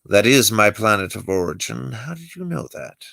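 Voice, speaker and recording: A man's voice: on the low side, moderate pace, creaky, no room sound, full character voice. Obi-Wan, a man reading a wry Jedi. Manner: sardonic, lively delivery. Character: dry-witted exiled male Jedi master. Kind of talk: amateur script read-through.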